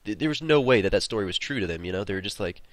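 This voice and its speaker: A man's voice: lowish voice, lively intonation, racing, no room sound. A man hosting a gaming video, telling a long story in a casual, rambling way while he plays, swearing freely. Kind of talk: casual storytelling over gameplay.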